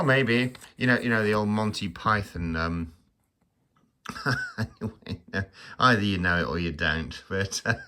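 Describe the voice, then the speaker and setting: A low-voiced man with a bright, forceful edge rambles through a casual review on his own channel. He stammers, trails off into asides and gently mocks himself along the way. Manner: rambling, stammering, self-mocking with chuckles. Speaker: channel host.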